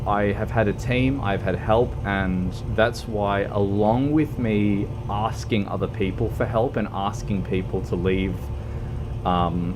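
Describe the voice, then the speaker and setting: A man's voice: lowish voice, background noise. A man chatting on a game livestream. He rambles and hesitates with lots of ums and keeps joking at his own expense. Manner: self-mocking joker who laughs a lot. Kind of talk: casual stream chat while gaming. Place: at home, wearing a fox costume.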